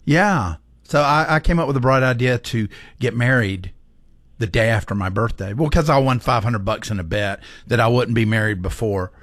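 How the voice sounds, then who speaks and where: A man's voice: mid-range voice, normal speed, fairly bright tone, no room sound. A man in his sixties co-hosting a radio show with a dry, wry manner. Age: 60s. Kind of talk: casual radio chat.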